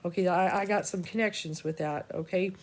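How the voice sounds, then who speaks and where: A woman psychic reader with a lowish, slightly mellow voice talks to her viewers a little fast in a steady tone. Her rambling personal monologue is casual and scattered, full of swearing, restarts, and asides.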